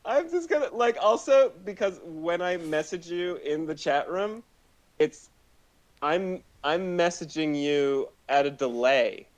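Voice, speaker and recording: A man's voice: on the high side, slow. A man co-hosting a casual chat show, rambling through his thoughts with many fillers and easy laughter. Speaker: co-host.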